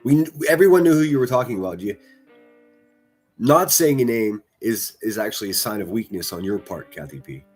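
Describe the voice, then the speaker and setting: A man's voice: on the low side, lively intonation, fairly quick, husky, soft background music. A man hosting a livestream, reacting to clips with mocking, profane, sarcastic commentary.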